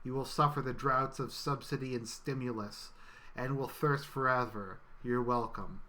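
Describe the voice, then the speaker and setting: A man's voice: fairly even intonation, moderate pace, bright, forceful tone, a little hiss or hum, close to an everyday voice. A man doing a pompous wrathful bureaucrat god. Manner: booming, pompous proclamations.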